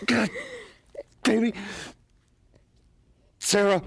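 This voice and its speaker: A man's voice: high voice, steady tone, very slow, creaky, a bit bright, slight background noise, full character voice. An actor playing a desperate father who pleads and sobs over his hurt daughter in a game cutscene. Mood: pleading. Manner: pleading, sobbing. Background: music.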